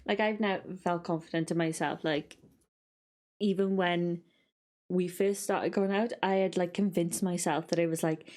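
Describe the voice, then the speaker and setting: A woman, co-hosting a podcast in casual, candid chat full of likes and quick laughs. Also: lowish voice, steady tone, a little mellow. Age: 20s. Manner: halting and candid, many likes, laughs often.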